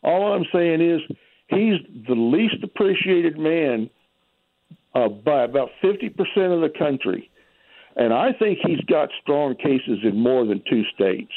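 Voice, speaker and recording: A man's voice: a little high, lively intonation, unhurried, no echo. A man calling into a radio show, heated and blunt in his opinions, over a phone line. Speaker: caller. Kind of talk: call-in phone rant.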